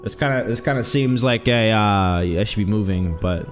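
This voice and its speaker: A man streaming a video game, chatting casually and rambling, with sudden loud exclamations when something excites him. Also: fairly low pitch, normal speed, faint music behind. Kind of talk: casual let's-play chat.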